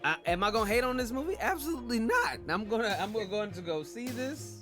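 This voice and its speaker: A man co-hosting a casual online radio talk show, animated and quick to laugh as he argues his point. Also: high-pitched, loud music behind the voice. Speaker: podcast co-host. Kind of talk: casual chat.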